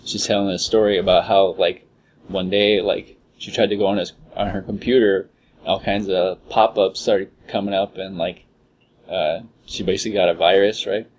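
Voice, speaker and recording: A young male podcast co-host chats casually, retelling a story in a meandering way packed with "like" and "uh." His voice is low, with fairly even intonation, and he talks at a normal speed.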